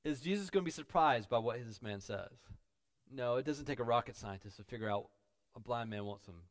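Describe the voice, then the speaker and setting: A man preaching a sermon as pastor, dropping to quiet asides and building to loud, emphatic peaks. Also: mid-range voice, lively intonation, brisk.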